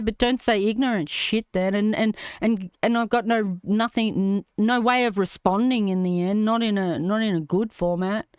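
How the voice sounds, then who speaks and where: A woman's voice: mid-range voice, clean tone, no echo, clean studio sound. A middle-aged Australian woman hosting a livestream, ranting indignantly and swearing as she reads comments aloud. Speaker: livestream host.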